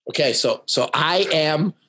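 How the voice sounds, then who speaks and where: A man's voice: a little high, expressive, unhurried, bright, forceful tone, a little hiss or hum. A man hosting a podcast, teasing his co-host and often tripping over his words. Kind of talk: casual chat.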